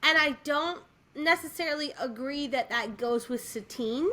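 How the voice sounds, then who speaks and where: High, bright-voiced woman, slow and gushing. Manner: enthusiastic, gushing, with many fillers and restarts. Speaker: podcast co-host. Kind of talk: casual chat.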